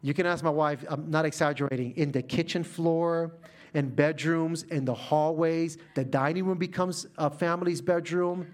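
A middle-aged preacher from Puerto Rico, with a slightly high voice at normal speed, shares a personal family story in his sermon. His animated delivery turns soft and quiet in the heartfelt moments.

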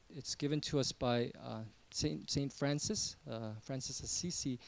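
A man preaching with a notably high voice, recorded close and dry. His sermon is conversational, dropping to hushed asides before rising to emphatic points. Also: dry recording. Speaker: pastor.

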